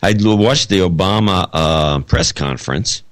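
Low-voiced man, rambling podcast co-host. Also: unhurried, fairly bright tone, no room sound. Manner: rambling, restarts often. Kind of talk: casual chat.

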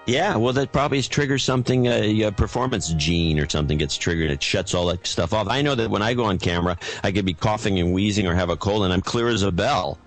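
A man with a very low voice co-hosting a podcast, speaking in a dry, matter-of-fact, somewhat gruff way. Faint music runs underneath. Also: lively intonation, quick pace, few pauses. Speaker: podcast co-host. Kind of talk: casual chat. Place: Silicon Valley, California.

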